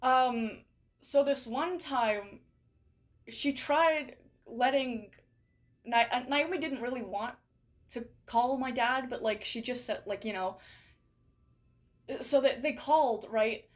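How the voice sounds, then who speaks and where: A woman's voice: a little high, takes it slowly, pauses often. A woman chatting casually as she reads out viewer stories. She rambles with many "like" and "right?" asides and swears freely. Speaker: streamer reading viewer stories. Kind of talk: casual chat.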